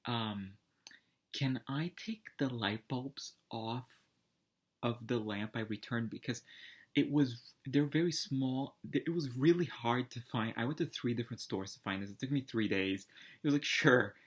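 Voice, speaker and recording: Male storyteller, casual and rambling, animated delivery, average pitch. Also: normal speed, slightly rough. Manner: rambling, animated, heavy use of "like" and restarts. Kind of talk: casual anecdote telling.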